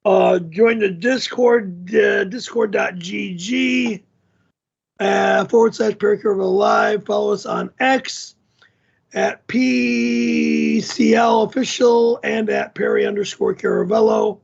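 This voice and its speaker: Male stream host, rough and husky voice, halting delivery of sign-off plugs. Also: sits high, steady tone, dull audio. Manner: slow, halting plug reading with filler ums. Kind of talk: reading out social links and mailing address to close a live stream.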